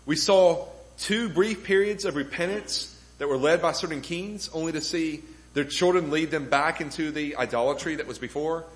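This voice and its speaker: A man's voice: a little high, normal speed, poor audio. A man preaching a sermon to a congregation, building emphasis with rhetorical questions. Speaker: pastor. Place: church room with congregation.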